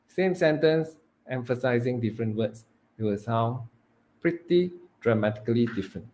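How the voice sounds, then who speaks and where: A man with a mid-range voice is training students in public speaking during a live session. He swings between loud emphasis and a hushed delivery, stretching out words for effect.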